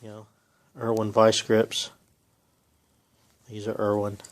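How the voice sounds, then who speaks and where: A man's voice: fairly low pitch, monotone, takes it slowly, very noisy. A man, rambling in a folksy way with lots of ums while he films a repair in his home garage. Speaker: home mechanic filming a repair. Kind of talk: casual how-to vlog.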